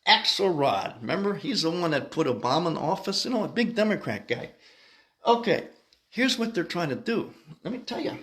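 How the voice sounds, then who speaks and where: A brash, street-talking South Sider with a thick Chicago accent, as a man puts him on in a comic monologue. His voice sits high and bounces up and down, and he talks bluntly, leaning on slang and "you know". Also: pushed and bright, heavily acted.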